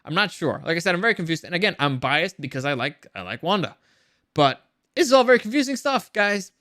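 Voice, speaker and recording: Male reviewer, casual and speculative, restarts often; pitched a bit high, with a bright, sharp tone. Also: fast talker. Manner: rambling, many restarts and repeated words; excited, speculative. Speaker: show reviewer.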